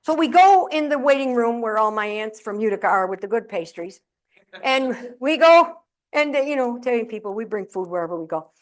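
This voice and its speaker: A woman's voice: a little high, a little fast. A middle-aged woman giving a humorous keynote talk at a live event. She tells stories animatedly and acts out the voices of family members. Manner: animated, comic storytelling with acted-out quotes.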